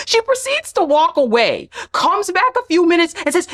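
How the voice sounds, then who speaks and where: A woman's voice: very high voice, normal speed, hardly any pauses. A woman giving a casual, emphatic recap of a reality show episode, acting out the people she quotes. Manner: animated, emphatic, acts out quotes. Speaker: recap vlogger.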